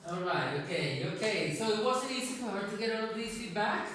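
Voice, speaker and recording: A man's voice: high voice, animated, fairly quick, background noise. A man teaching an English class, asking his students questions and often restarting his sentences. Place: classroom, indoors. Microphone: far camera. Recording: very echoey classroom, far from mic.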